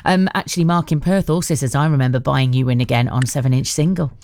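A woman's voice: very deep voice, fast, a little mellow. A woman presenting a radio show in casual chat, reading out listener messages and laughing easily.

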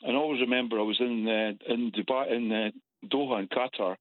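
A man's voice: medium pitch, steady tone, fairly quick, no room sound. Male caller over a tinny phone line, blunt, rambling storyteller. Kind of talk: phone-in call. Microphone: telephone.

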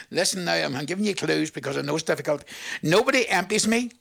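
A man's voice: fairly high pitch, fast, gravelly, a bit bright, a little hiss or hum. An older man presenting a radio request show, chatty and playful, laughing at his own jokes.

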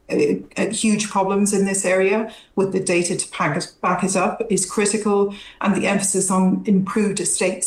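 A woman's voice: medium pitch, echoey room, poor audio. A woman academic expert giving careful, analytical answers in a news interview, with some hesitations.

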